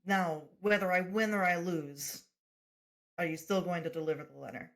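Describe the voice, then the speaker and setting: A player in a tabletop role-playing game, making playful, quick quips. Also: mid-range voice, fairly even intonation, fairly bright tone. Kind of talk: casual tabletop game play.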